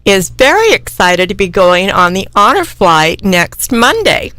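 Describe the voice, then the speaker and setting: A woman's voice: mid-range voice, very animated, measured pace, sharp tone, no room sound, low-quality recording. An older woman who is a real estate businesswoman, a guest on a talk show, chatting in a good-humored way with many fillers. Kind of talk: casual interview chat.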